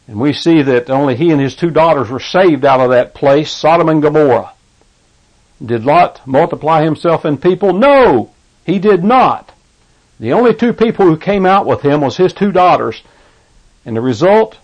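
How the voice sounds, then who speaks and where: A man's voice: on the high side, darkish tone, rough recording. A man preaching a fervent radio sermon with a repetitive, emphatic cadence.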